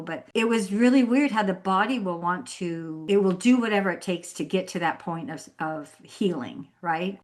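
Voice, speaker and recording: A woman hosting a podcast, telling a story in a casual, laughing way. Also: mid-range voice. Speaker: podcast host.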